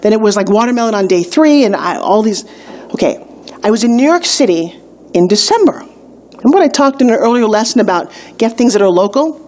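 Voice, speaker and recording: A middle-aged woman giving a motivational video lesson on a weight-loss course, upbeat and emphatic, telling stories with quick asides. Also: fairly high pitch, animated, darkish tone.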